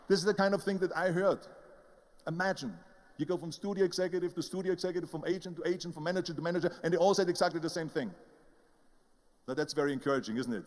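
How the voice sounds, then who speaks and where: Fast-talking and on the high side with a darkish tone, this older Austrian-accented motivational speaker tells his story with emphasis, performing the voices of its characters. The audio has a big-room sound.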